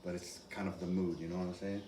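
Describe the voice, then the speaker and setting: A man hosting a casual cooking demonstration, animated and exclamatory as he talks straight to his viewers. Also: low-pitched, fast. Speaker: cooking video host. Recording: roomy, from far off, faint ambient noise.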